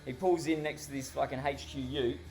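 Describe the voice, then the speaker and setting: A man's voice: mid-range voice, fairly even intonation, a little fast, darkish tone, faint music behind. An Australian man telling a story casually, rambling and swearing constantly, often laughing. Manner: heavily profane, rambling, laughs while telling.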